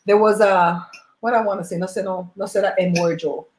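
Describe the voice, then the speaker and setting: Woman host, chatty livestream storyteller, middle pitch, roomy laptop sound. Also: fairly even intonation, fairly quick, darkish tone. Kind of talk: casual chat while eating on a livestream. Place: home. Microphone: laptop mic. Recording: roomy home room on laptop mic.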